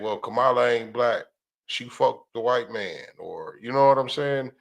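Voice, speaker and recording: A man in casual political talk, relaxed and measured, often saying "you know what I mean.". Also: on the low side. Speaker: co-host or guest.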